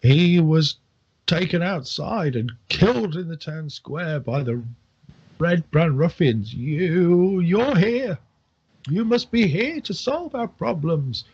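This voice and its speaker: A man's voice: on the high side, expressive, slow pace, a little mellow, husky, voice pushed up, exaggerated voice. A man voicing a rambling, drunk old villager with a wavering, imploring voice. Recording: dull lo-fi audio.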